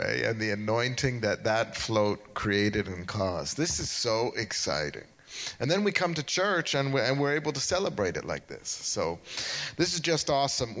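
A man's voice: lowish voice, a bit bright. A man preaching a sermon as pastor, enthusiastic and exclamatory, recorded in a church. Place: church sanctuary. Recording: long hall reverb in a church.

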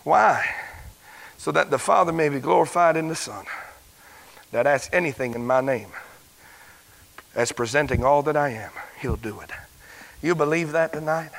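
A male pastor preaching a fervent sermon, shouting his points and dropping to a hush to tell a story. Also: on the high side, normal speed, creaky, pauses often, rough recording. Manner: fervent, swings from loud shouting to hushed storytelling.

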